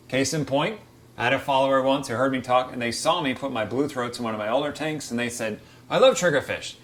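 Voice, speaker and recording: A man hosting a casual aquarium Q&A from beside his reef tank, chatty and quick to act out little quoted voices. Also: mid-range voice, a bit bright. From United States. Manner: chatty, acts out quotes of fish and hobbyists. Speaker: aquarium hobby show host. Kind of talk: casual Q&A explainer.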